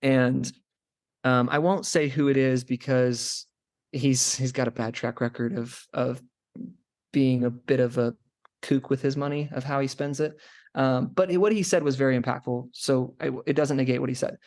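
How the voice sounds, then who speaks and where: A man's voice: mid-range voice, steady tone, normal speed, a little mellow. A young man who is a chiropractor, a guest on a podcast, talking casually and rambling through stories with lots of "like" fillers. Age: young adult. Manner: rambling storyteller, many "like" fillers. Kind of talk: casual interview chat.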